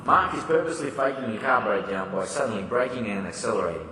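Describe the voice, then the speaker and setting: Bright-voiced man narrating a comic story. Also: fairly low pitch, expressive, fast, slight background noise. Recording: echoey hall, far from the mic.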